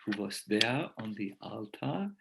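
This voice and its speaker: A man giving a festival sermon as a story, slow and hesitant, with many pauses and fillers. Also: lowish voice, animated, vocal fry, noisy background. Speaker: visiting swami, speaker. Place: temple festival talk.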